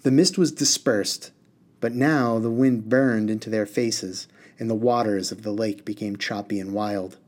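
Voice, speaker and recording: A man reading a novel aloud to a class as their teacher, with expressive delivery. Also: on the low side, a little slow.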